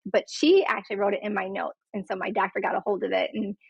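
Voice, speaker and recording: In a candid conversation, a woman earnestly tells her own story as a patient, impersonating the people she quotes. She talks fast at medium pitch with little pitch movement, showing vocal fry and a breathy edge. The sound is dull, lo-fi and dry.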